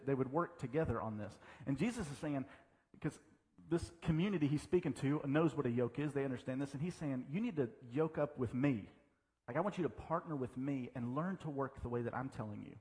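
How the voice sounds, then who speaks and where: A man's voice: medium pitch, a little mellow. A man preaching a sermon as pastor, mixing humorous stories and self-deprecating asides into his teaching. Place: church sanctuary. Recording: church hall reverb.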